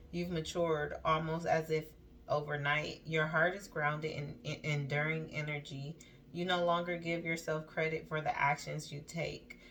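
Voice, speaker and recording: Reading card text aloud before riffing on it, a woman delivers a casual tarot reading in a deep, fairly bright voice, with slight hiss or hum present. Her manner is chatty and loose, full of "like" and "um."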